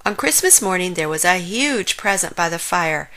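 A woman reading a children's picture book aloud, expressive and unhurried. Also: on the low side. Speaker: storyteller. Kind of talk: children's story read-aloud.

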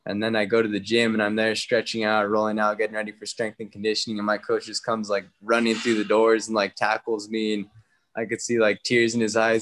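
A young man from New Mexico, a guest fighter talking casually in an interview, relaxed and slangy. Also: on the low side, a little fast. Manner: relaxed, slangy, retells talks with others in quoted bits.

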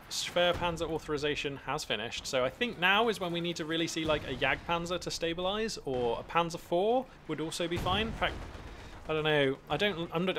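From his home streaming setup, a man gives animated live commentary on a strategy game, thinking out loud and often restarting his sentences. His voice sits a little high, and there's a slight hiss or hum in the recording.

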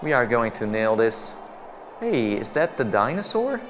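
A man's voice: medium pitch, big pitch swings, measured pace, over music. A man giving let's-play commentary on a game. He is jumpy and jokey, exclaiming and laughing as he plays. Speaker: VR gameplay commentator.

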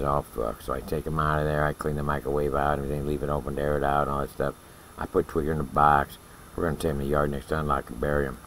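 A man's voice: very deep voice, sharp tone, a little hiss or hum, rough recording. An older man who served time in prison, casually telling a story in a blunt, profane way and often checking in with "all right?".

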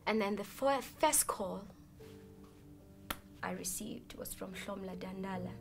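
A South African woman in her thirties, quietly recalling personal memories in a soft, hushed voice as an interview guest. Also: mid-range voice, a little slow. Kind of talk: personal recollection. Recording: music playing underneath. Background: music.

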